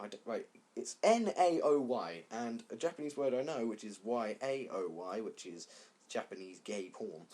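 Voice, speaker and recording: A man's voice: mid-range voice, a little mellow. A man giving a casual, rambling review of an anime series, often stopping to correct himself.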